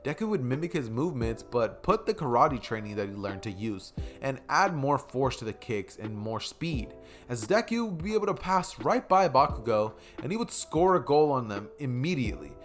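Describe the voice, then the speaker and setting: A man's voice: mid-range voice, very animated, normal speed, soft background music. A young man casually narrating an improvised fan story, rambling with many fillers.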